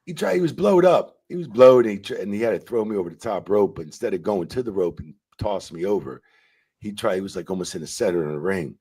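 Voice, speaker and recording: A man's voice: on the low side, fast, mellow, breathy edge, no room sound. A man in a casual interview who tells stories, swears freely and acts out quotes animatedly. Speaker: retired wrestling referee, guest.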